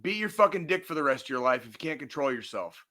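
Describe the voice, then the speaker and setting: A man's voice: medium pitch, expressive, quick pace, bright, forceful tone. A man co-hosting a podcast, ranting angrily and swearing constantly, with emphatic repetition and restarts. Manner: angry, profane, emphatic. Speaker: podcast co-host. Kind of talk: heated podcast rant.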